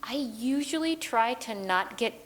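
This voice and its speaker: A woman translator and librettist talking through her craft in a relaxed interview, thoughtful and chatty, often pausing with ums. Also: fairly high pitch, poor audio. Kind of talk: conversational interview.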